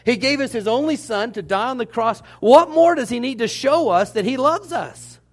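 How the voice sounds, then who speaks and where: A man preaching a Baptist sermon, telling the story in an animated, joking way. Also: extremely high pitch, moderate pace. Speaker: Baptist pastor.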